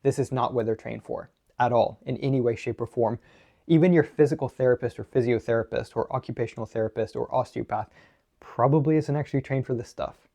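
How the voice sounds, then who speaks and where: Speaking briskly in a mid-range voice that's gravelly and warm, a southern U.S. man coaches runners in an instructional talk to camera. As a running mobility coach, he's blunt and emphatic with strong opinions, posing questions and answering them himself.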